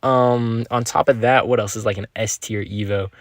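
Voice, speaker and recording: A young man streams a mobile game, chatting with viewers and reading their messages as he plays. His medium-pitched voice is fairly even and moves at normal speed, with a laid-back, upbeat, slangy manner. The recording is dry and studio quality.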